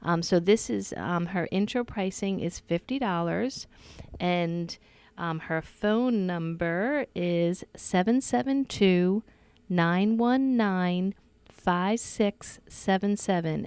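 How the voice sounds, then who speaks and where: A woman's voice: mid-range voice, a little mellow, clear, resonant tone, dry recording. A woman with a New York accent hosting a radio talk show in a casual, upbeat, chatty way. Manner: chatty, upbeat, laughs easily.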